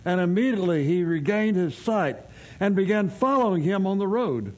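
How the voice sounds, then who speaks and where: A man's voice: high-pitched, expressive, moderate pace. A man preaching a sermon as pastor, folksy and conversational, telling everyday stories and asking rhetorical questions.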